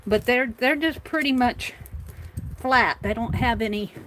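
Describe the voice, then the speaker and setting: A woman's voice: a little high, a little slow, noisy background. A woman on a mixed-media art livestream, chatting casually and thinking aloud as she works in her home craft room. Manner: rambling, thinks aloud while working.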